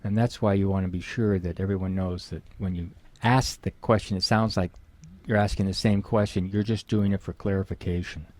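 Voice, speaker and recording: Low-voiced man explaining emphatically. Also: fairly even intonation, fairly quick, darkish tone, dry recording. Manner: emphatic, acts out example phrases. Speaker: guest expert. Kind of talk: explaining to an interviewer.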